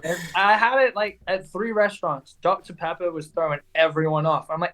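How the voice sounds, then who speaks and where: Young guy with a softened english accent, kinda high voice, laughs a lot, says dude constantly on a call. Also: steady tone, fairly quick. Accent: English, softened after years in the American South. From England. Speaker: guest, racer. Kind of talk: casual podcast chat.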